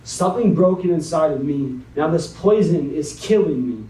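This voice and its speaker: A man's voice: on the high side, animated, mellow. Young man reading poetry in an echoey hall. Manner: slow, dramatic poetry reading. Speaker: guest speaker. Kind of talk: spoken word poetry then motivational talk. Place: conference hall. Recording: echoey hall, mic at a distance.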